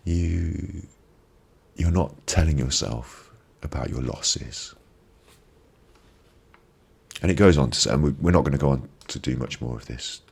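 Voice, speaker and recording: An ASMR live-stream host with an extremely deep, gravelly, husky voice gives a reflective motivational talk close to a binaural mic. He goes slowly, leaves long pauses, sounds a little mellow, and repeats phrases for emphasis.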